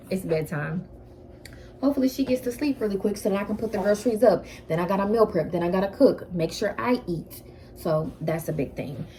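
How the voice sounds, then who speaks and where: A woman's voice: on the low side, dark tone, a little hiss or hum. A woman, a first-time mother, talking candidly at home in a casual vlog and giving frank advice. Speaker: first-time mother sharing postpartum experiences.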